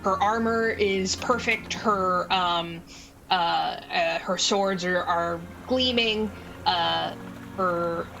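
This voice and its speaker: Woman game master, bright and crisp tone, casual rambling narration, faint music behind. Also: fairly low pitch, very slow, poor audio. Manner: casual, filler-heavy, swearing.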